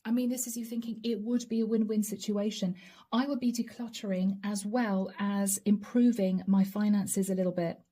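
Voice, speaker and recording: A woman's voice: mid-range voice, fairly even intonation, moderate pace, dark tone. A woman giving a chatty, laughing tarot reading with relatable asides. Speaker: tarot reader. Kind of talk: channeled tarot reading to camera.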